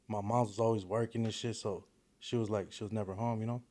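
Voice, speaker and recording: A young guest rapper from East Palo Alto, California chats in a loose, casual podcast setting. His somewhat low voice is relaxed and slang-heavy, full of "you know what I'm saying" and quick bursts of laughter.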